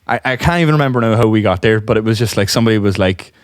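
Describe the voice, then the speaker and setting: A young man co-hosting a podcast, telling a story in casual chat, animated and laughing often. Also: lowish voice, racing, dry recording, studio quality. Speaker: podcast co-host.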